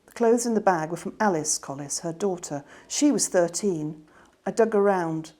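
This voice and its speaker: A woman reading her children's novel aloud in a gentle, expressive way. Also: on the low side, normal speed. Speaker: author reading her book.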